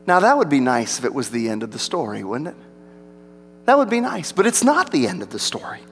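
A pastor preaching a sermon, rising for emphasis and dropping to a low hush. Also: male voice, wildly swooping pitch, a little fast, a little hiss or hum. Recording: long reverb of a large hall.

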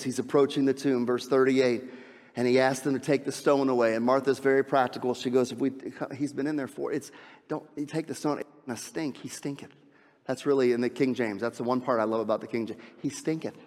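A male pastor preaching a sermon, swinging from hushed, slow passages to loud, excited ones. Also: medium pitch. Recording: long hall reverb.

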